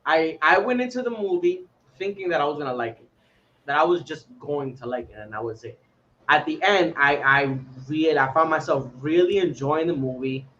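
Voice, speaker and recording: Casting: easygoing male podcast co-host, a touch high-pitched, slightly muffled audio with faint noise. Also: normal speed, sharp tone. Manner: laid-back, laughs often, swears freely. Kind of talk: casual chat.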